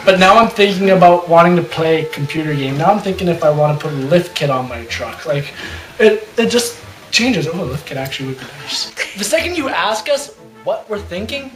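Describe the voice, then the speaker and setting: High-voiced young man, roomy and distant. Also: moderate pace, fairly bright tone, faint music behind. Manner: laughing, self-deprecating. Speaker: panel member. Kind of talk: casual opinion chat. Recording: roomy, mic set back.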